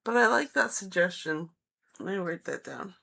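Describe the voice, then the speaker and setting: A woman tarot reader on a live stream, slowly reading out viewers' chat messages and answering each one in a friendly way. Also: on the low side, animated, vocal fry, bright, forceful tone.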